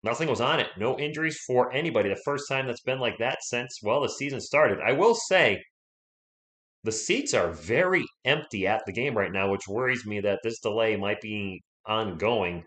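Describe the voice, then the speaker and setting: Hosting a sports livestream, a man rambles casually and greets viewers by name while his voice is still recovering from being sick. His voice sits in the mid-range, expressive and a bit bright, at a normal speed.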